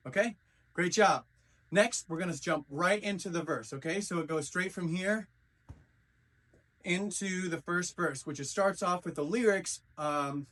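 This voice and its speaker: A man with a slightly high voice leads a dance class step by step, calling out counts and beat sounds while he demonstrates the moves. He sounds a little distant from the microphone. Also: fairly bright tone. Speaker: dance instructor. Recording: voice from a distance from the mic.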